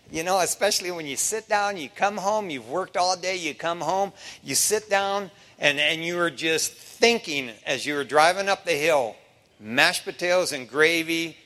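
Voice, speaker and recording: A man preaching as a pastor in a conversational sermon, folksy, swinging from hushed to loud. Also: on the high side, in a large hall. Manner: folksy asides.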